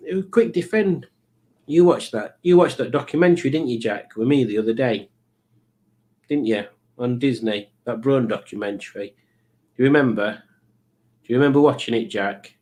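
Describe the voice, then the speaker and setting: A middle-aged man, hosting a live quiz stream in a chatty, rambling, teasing way. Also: medium pitch. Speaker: livestream quiz host. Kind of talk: casual live-stream chat.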